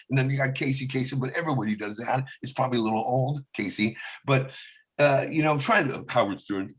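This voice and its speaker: A stand-up comedian telling a rambling story, often restarting sentences and slipping into quick celebrity impressions. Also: male voice, mid-range voice, lively intonation, a bit bright. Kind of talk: animated storytelling.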